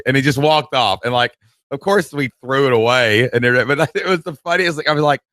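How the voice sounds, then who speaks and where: Animated man telling a story, dry sound. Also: mid-range voice, fast talker, dry recording. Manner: animated, acts out voices, laughs mid-story. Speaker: podcast co-host. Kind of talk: casual storytelling chat.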